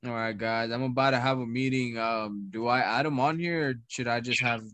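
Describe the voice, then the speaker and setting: A man's voice: medium pitch, steady tone, brisk, fairly bright tone, dry recording. Easygoing slangy man. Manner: easygoing, slangy, says bro a lot. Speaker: trading teacher. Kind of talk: casual chat.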